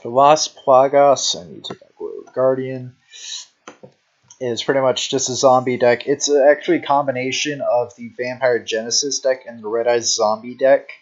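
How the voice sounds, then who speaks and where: A man's voice: mid-range voice, dull audio. A man in casual rambling commentary, talking sleepily with lots of "you know" fillers. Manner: unhurried, drawn-out delivery. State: sleepy, yawning. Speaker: deck showcase narrator.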